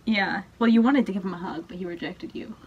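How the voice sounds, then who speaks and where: A woman's voice: medium pitch, fast, husky, narrow, tinny audio. A young woman hosting a casual couple's video, telling stories with frequent laughs. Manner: giggly storyteller. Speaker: channel host. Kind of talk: casual chat.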